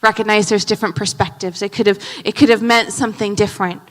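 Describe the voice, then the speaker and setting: A woman pastor preaching a sermon in an animated way, moving between loud emphasis and hushed asides. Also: mid-range voice, fast, big-room sound. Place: church sanctuary.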